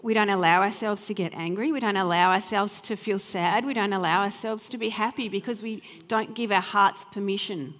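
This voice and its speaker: A woman's voice: mid-range voice, fairly even intonation, brisk, few pauses. A woman in her thirties giving an earnest, heartfelt sermon as a pastor, sometimes acting out remembered conversations. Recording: reverberant hall with soft music.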